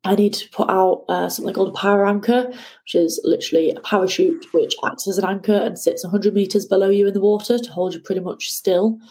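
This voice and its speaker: A woman, a guest telling her ocean rowing story in a lively conversational way. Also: mid-range voice, quick pace, poor audio. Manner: animated, acts out shouting at the sea.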